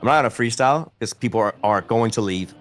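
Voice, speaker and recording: A man's voice: mid-range voice, fast. Easygoing man with a light Danish accent. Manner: easygoing, chatty, self-deprecating. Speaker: streamer co-hosting a game stream. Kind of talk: casual chat, reading chat.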